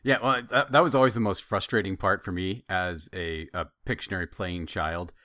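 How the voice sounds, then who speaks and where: A man co-hosting a casual podcast chat, telling family stories in an animated way. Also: low-pitched, normal speed, no echo, clean studio sound. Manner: animated storyteller. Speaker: podcast co-host.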